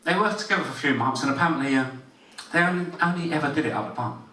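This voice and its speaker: A man's voice: on the high side, rapid-fire, sharp tone, distant mic, a little hiss or hum. A man doing a crude, swearing stand-up story set in a comedy club. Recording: roomy club audio, laughing crowd.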